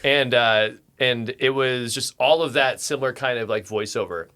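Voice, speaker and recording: A man co-hosting a podcast, talking in a rambling, animated way and laughing often. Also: medium pitch, normal speed. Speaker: podcast co-host. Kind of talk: casual chat.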